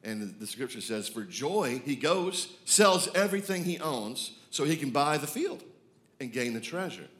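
A man, preaching a sermon, moving from hushed reflection to loud, excited declarations. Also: mid-range voice, normal speed. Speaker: pastor.

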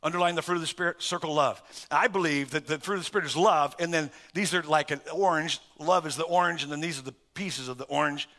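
A middle-aged man pastor preaching a sermon, swinging between loud emphatic stresses and soft asides and chuckling through lists. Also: on the high side, quick pace, few pauses.

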